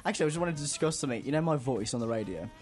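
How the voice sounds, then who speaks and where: A man co-hosting a casual podcast, teasing his co-host with quick jokes. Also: medium pitch, expressive, a little mellow. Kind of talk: casual chat.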